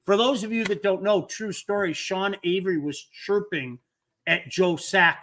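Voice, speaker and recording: A man hosting a casual chat with a high, bright voice. He tells stories animatedly and doubles up on words as he gets going. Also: moderate pace, slight background noise. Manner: animated storyteller, repeats words when excited. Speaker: host.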